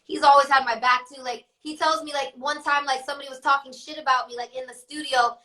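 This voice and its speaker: Woman rapper as guest, chatty, pitched a bit high, very bright tone. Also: fairly even intonation, fast, rough recording. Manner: chatty, heavy on fillers and laughter. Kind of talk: casual interview chat.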